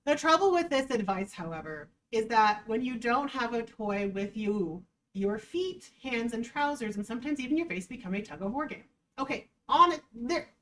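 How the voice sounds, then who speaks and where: A woman dog trainer giving casual reaction commentary, animated and sarcastic, often breaking into laughter. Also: a little high, normal speed, recorded from a distance, low-quality recording.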